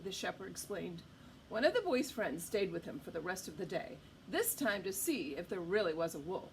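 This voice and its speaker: A woman's voice: on the low side, moderate pace, slight background noise. A woman reading a picture book aloud to children at storytime, stopping often to ask the listener questions. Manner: animated, asks the listener questions. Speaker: storytime reader.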